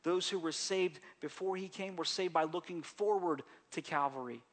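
A male pastor preaching a sermon in a church service, moving between hushed, gentle passages and raised, emphatic appeals, with frequent repeats and restarts. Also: a little high, moderate pace. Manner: repeats phrases and restarts mid-sentence, conversational preaching.

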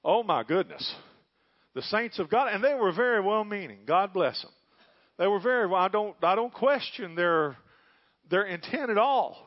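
A middle-aged man preaching a sermon, fervent and folksy, dropping to a hush and rising to loud emphasis. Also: high-pitched, expressive, moderate pace. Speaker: pastor. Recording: dull lo-fi recording.

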